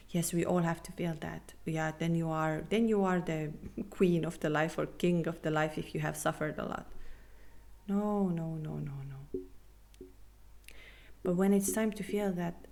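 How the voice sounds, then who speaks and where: A woman talks through a spiritual podcast in a low voice with a lot of vocal fry. She speaks earnestly and reassuringly, with non-native phrasing, and now and then softens into a breathy half-whisper. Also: normal speed, hardly any pauses. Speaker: podcast host and spiritual coach. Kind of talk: casual podcast monologue.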